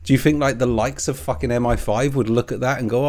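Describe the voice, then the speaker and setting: A man's voice: medium pitch, fairly even intonation, fast, darkish tone. A man delivering a profane, scornful, sarcastic political commentary rant. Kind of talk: ranting commentary.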